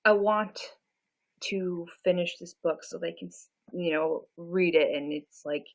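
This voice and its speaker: A woman's voice: on the low side, measured pace, creaky, a little hiss or hum, low-quality recording. A woman in her twenties chatting casually on a live stream, self-deprecating and full of fillers. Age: 20s. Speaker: livestreamer.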